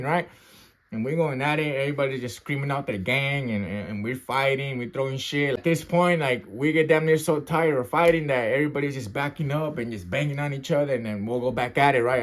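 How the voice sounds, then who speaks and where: A man telling a story casually in street slang, often tagging "right?" and "bro", and acting out sounds and gasps as he goes. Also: mid-range voice. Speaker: storyteller recounting his youth custody experience.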